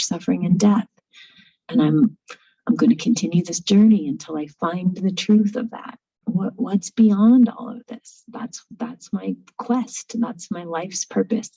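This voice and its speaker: A woman voicing a calm, devoted wandering ascetic who speaks with quiet resolve. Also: on the low side, unhurried, creaky, slightly rough, recorded from a distance, lo-fi sound, exaggerated voice. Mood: resolute.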